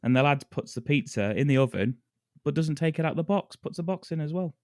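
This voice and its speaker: A man co-hosting a podcast, recapping a film's plot in a relaxed, sweary way with laughs. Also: fairly high pitch, a little fast, no room sound, clean studio sound. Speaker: podcast co-host. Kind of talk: casual chat.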